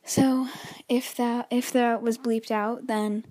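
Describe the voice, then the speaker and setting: A teenage girl hosts her own solo podcast, pacing her bedroom and rambling nervously with lots of restarts, a little wheezy. Her voice is fairly high and warm, with little pitch movement and a slow pace.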